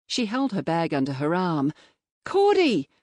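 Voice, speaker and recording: A woman narrating a novel in the first person, in a measured, reflective storytelling manner. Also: low voice, expressive, darkish tone, no room sound. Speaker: audiobook narrator. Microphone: close studio mic.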